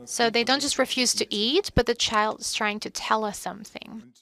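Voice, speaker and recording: A woman with a bright, fairly high voice interprets a conference talk live. She is animated and slips into gentle, coaxing tones when she acts out what to say to a child. Her delivery is lively and expressive. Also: moderate pace. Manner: animated, acting out soothing words to a child.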